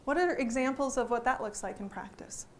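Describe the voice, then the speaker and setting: A woman teaching a workshop to a live audience, lively and joking, often putting questions to the room. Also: high-pitched, brisk, a little hiss or hum. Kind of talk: interactive workshop talk.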